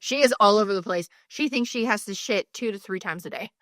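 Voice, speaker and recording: Brisk and mid-range, this woman in her thirties co-hosts a casual podcast with no echo on the recording. She's a mother and an animated storyteller who swears freely and acts out quotes.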